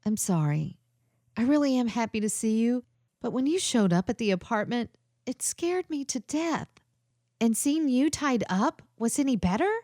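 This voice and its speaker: A seasoned young adventurer who talks with encouragement , read aloud by a woman. Her delivery is animated, with lively pitch, recorded dry and close. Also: normal speed, no room sound. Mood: tender.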